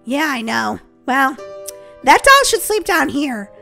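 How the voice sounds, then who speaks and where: A woman's voice: high voice, very animated, slow, creaky, pushed and bright, soft background music. A woman hosting a game roleplay, talking jittery and dramatic as her character. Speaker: host.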